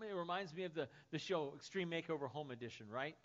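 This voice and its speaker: A man preaching a sermon as pastor, dropping to soft, hushed lines and rising to loud, excited storytelling. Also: on the high side, quick pace, muffled recording.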